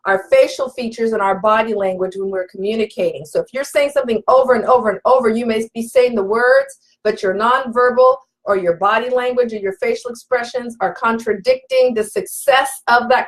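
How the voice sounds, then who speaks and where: Woman coach on a live stream, slightly high voice, emphatic and preachy, repeats points, talks straight to viewers. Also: steady tone, brisk, few pauses, poor audio. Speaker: relationship coach. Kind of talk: live-stream teaching, reading viewer comments.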